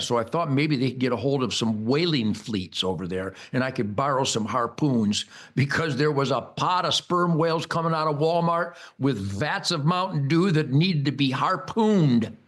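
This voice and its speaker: An older American man holds forth in a rambling monologue, bombastic and mocking. His voice sits somewhat high for a man and leaps upward in loud bursts when he gets going. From United States. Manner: bombastic, mocking, loud rants with sudden high-pitched outbursts. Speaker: host.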